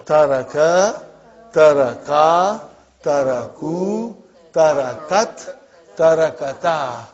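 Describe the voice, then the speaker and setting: A man teaching an Arabic class speaks slowly and deliberately, repeating verb forms and prompting students with quick check-ins. His voice sits slightly high for a man. The recording is dull and lo-fi. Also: animated, darkish tone. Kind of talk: classroom Arabic grammar lesson.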